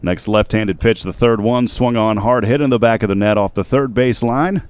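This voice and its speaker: A man giving steady, measured baseball play-by-play commentary as the announcer. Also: smooth. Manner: steady, measured calls of each pitch.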